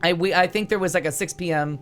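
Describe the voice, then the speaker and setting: A man's voice: high voice, fast, a bit bright, faint music behind. A man in his forties from upstate New York, telling a story in casual chat with sarcastic, wry humor. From Niagara Falls, New York.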